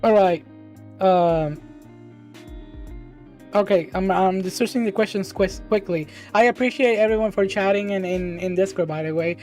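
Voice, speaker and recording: A woman hosting a casual livestream podcast, reading viewer questions aloud, bubbly and quick to laugh and exclaim. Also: medium pitch, a little mellow, soft background music. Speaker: podcast host and streamer.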